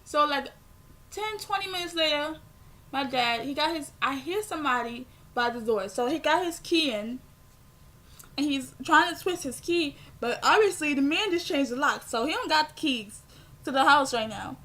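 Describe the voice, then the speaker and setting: A young woman, telling a rambling, animated storytime vlog with lots of filler words. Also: sits high, normal speed. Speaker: vlogger.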